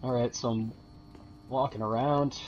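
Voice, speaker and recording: A man's voice: mid-range voice, fairly even intonation, a little slow, a little mellow, a little hiss or hum. A man giving jokey, sarcastic commentary while streaming a video game. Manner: jokey, sarcastic, laughs often. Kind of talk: casual gameplay commentary. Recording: dull lo-fi stream audio.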